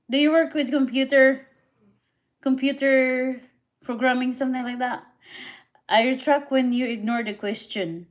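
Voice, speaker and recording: A woman on a live stream talks slowly with her audience, putting questions to viewers and answering their comments. Her voice sits a little high, and she takes her time, even when she bickers back.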